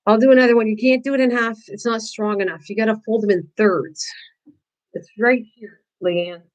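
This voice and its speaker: A woman's voice: on the high side, fairly even intonation, normal speed, rough recording. Chatty older woman teaching crafts. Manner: chatty, teasing, answers viewers' chat, laughs often. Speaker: craft tutorial host. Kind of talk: casual live-stream craft demo.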